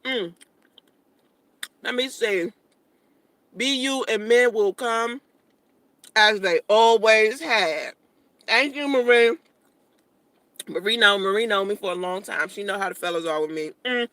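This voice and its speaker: A woman's voice: medium pitch, unhurried, long pauses, fairly bright tone, no room sound. A woman in her late thirties hosting a casual livestream, eating and talking with her mouth full, blunt and profane. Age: 30s. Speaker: livestream host.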